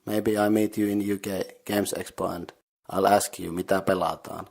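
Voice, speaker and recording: A man's voice: on the low side, flat delivery, moderate pace, vocal fry, a little mellow. A man hosting a podcast, giving a casual mini language lesson, who explains patiently step by step while sitting in an unheated sauna. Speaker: podcast host.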